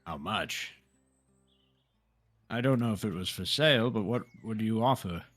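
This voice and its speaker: An eager male player at a tabletop game with a fairly low voice. He laughs easily and talks through what his character does. Faint music plays behind him. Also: fast talker, a bit bright, no room sound. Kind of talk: tabletop role-play chat.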